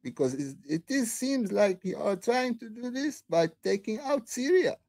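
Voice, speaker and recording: A woman hosting her own channel, delivering an impassioned, upset political rant that breaks into shouting and halting restarts. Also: on the high side, big pitch swings, no echo. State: upset, near tears. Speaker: online channel host. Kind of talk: angry political rant to camera.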